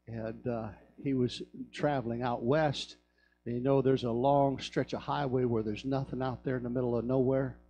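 A man's voice: medium pitch, warm tone, slight background noise. A man preaching a sermon in a church, telling stories and building to fervent calls. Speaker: pastor. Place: church sanctuary.

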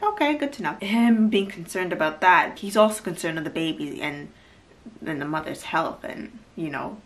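A woman talks through a show recap in a loose, chatty way, leaning on "like" and breaking into easy laughter. Her voice sits a little low for a woman. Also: a bit bright. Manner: chatty, lots of "like", laughs easily. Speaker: YouTuber recapping a reality show. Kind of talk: casual recap chat.

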